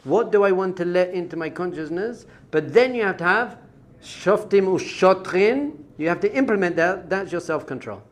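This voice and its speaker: Animated high-voiced male rabbi. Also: moderate pace. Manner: animated, conversational, rhetorical questions. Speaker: rabbi teaching. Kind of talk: Torah class with storytelling.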